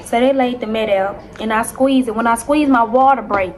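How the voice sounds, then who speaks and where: Animated young woman telling a storytime. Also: on the high side, normal speed, slight background noise. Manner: animated, dramatic retelling with constant "y'all". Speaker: vlogger. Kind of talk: casual storytime to viewers.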